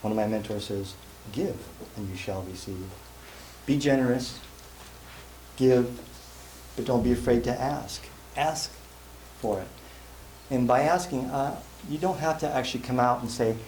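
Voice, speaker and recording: Before a conference audience, a man delivers a live sales seminar at a moderate pace, his mid-range voice taking on a darkish tone. Folksy, self-deprecating stories and jokes make up his talk. The echoey hall adds faint room noise.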